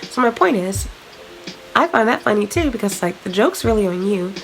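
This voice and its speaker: A woman's voice: mid-range voice, animated, normal speed, soft background music, rough recording. A young woman venting frankly and with exasperation in a vlog to camera. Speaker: vlogger.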